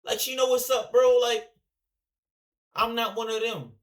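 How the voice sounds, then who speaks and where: Animated man ranting in a reaction video. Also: very high voice, measured pace. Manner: animated, rambling, slangy, repeatedly addresses viewers. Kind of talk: casual reaction commentary.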